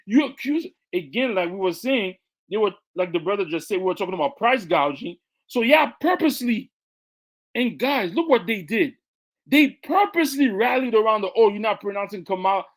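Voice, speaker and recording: A man's voice: high-pitched, big pitch swings, normal speed. A man co-hosting a podcast who comments casually and with emphasis, often repeating his words as he makes his point. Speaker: podcast co-host.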